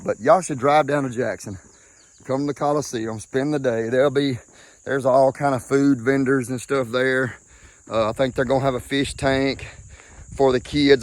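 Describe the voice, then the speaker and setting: A man with a Mississippi accent, out of breath, talking casually while walking outdoors and keeps saying okay. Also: mid-range voice. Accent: Southern US, Mississippi. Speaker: vlogger.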